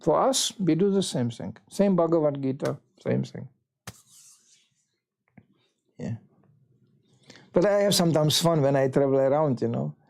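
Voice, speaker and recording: A man telling stories during a temple talk, his pitch leaping up and down with lively energy. He slips into the voices of the people he describes, keeping the room along with an easy, anecdotal flow. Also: moderate pace, creaky. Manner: animated storyteller, acts out quoted voices. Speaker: visiting monk giving a talk. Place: temple hall.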